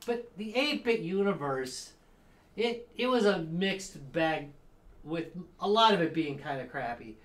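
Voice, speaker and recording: A man's voice: on the high side, animated, measured pace, fairly bright tone. A man co-hosting a casual podcast chat, jokey and rambling, often laughing. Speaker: podcast co-host.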